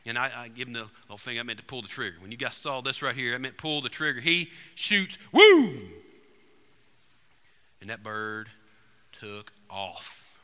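A man preaching to a congregation, telling an animated, joking hunting story to the room. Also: mid-range voice, fairly quick, smooth. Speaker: pastor. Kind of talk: storytelling sermon. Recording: long reverb in a large hall.

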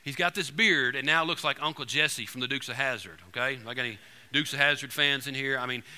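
A man preaching to a congregation, telling an animated, joking hunting story to the room. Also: mid-range voice, fairly quick, clean tone. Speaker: pastor. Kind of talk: storytelling sermon. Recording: long reverb in a large hall.

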